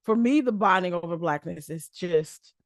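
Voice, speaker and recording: A woman's voice: fairly low pitch, moderate pace, no echo. A woman in a casual group conversation, blunt, opinionated and freely profane.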